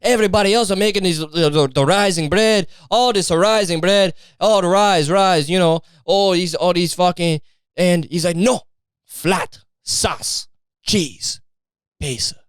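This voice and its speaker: A man's voice: high-pitched, a little slow, clean tone, no echo, clean studio sound. A man putting on a fake Italian accent to play a boastful Italian man who insists his family invented famous dishes. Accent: put-on Italian. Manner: insistent and grandiose, brushes off doubt.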